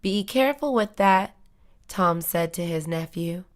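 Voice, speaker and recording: A woman reading short, simple English stories for learners in slow, even, carefully spaced sentences. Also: lowish voice. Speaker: English lesson reader.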